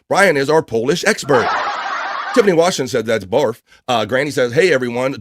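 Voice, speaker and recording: A man's voice: medium pitch, no room sound, studio quality. Man reading out live chat. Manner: rattles off chat names and shout-outs. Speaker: livestream host reading chat. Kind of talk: casual live show chatter.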